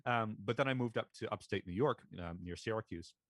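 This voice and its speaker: American guy on a podcast, kinda low voice, rambly with lots of ums, dry mic. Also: brisk, no room sound. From Pennsylvania, USA. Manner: relaxed, rambling, many fillers. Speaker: podcast co-host. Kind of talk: casual chat.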